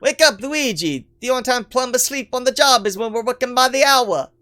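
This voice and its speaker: A man's voice: extremely high pitch, lively intonation, fairly quick, sharp tone, pitched above the performer's own voice, full character voice. A man doing a mock Italian-style voice for a cheerful cartoonish plumber hero, exclaiming playfully. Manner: exaggerated mock accent, exclaiming.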